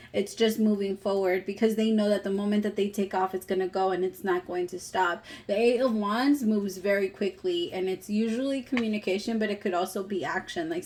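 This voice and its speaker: A woman's voice: mid-range voice, a little hiss or hum. A woman in her thirties giving a casual tarot reading, chatty and emotional, with some casual swearing. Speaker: tarot reader.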